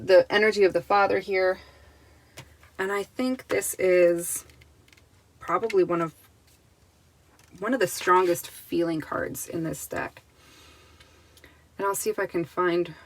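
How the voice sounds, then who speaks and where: A woman's voice: lowish voice, a bit bright, low-quality recording. A woman talking casually to the camera as she gives a tarot card reading, chatty and reassuring. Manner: chatty and reassuring, with restarts and laughs.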